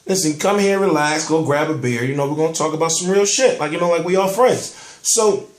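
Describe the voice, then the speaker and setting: A man's voice: on the high side, brisk, reverberant. A man hosting a boxing show in casual, rambling commentary, firing rhetorical questions and swearing freely. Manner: rambling, rhetorical questions, profane street talk.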